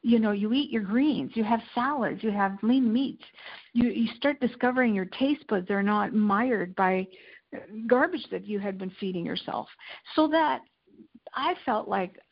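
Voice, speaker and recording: A woman being interviewed as a guest, telling personal stories in a candid, animated way and acting out the quotes. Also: mid-range voice, unhurried, vocal fry, breathy edge, highs cut off. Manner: animated, tells anecdotes with acted-out quotes. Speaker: interview guest, lifestyle and food editor. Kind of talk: candid conversational storytelling.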